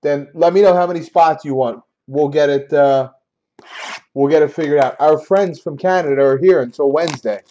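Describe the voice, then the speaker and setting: A man hosting a sports card break live, talking casually and getting loudly exasperated, repeating himself. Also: a little high, normal speed, muffled recording. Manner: exasperated, repetitive, loud outbursts. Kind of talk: casual live-stream banter.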